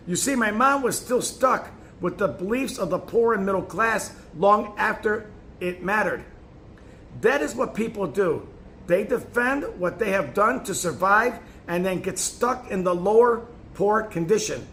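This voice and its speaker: High-voiced man reading a self-help booklet. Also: expressive, unhurried, a bit bright, a little hiss or hum. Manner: emphatic, with occasional stumbles and restarts. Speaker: narrator.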